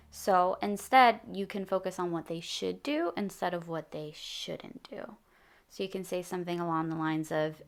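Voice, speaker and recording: A woman's voice: fairly low pitch, a bit bright. Chatty woman explaining parenting tips. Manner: friendly, chatty, laughs between points. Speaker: behavior analyst giving parenting advice. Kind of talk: direct-to-camera parenting tips.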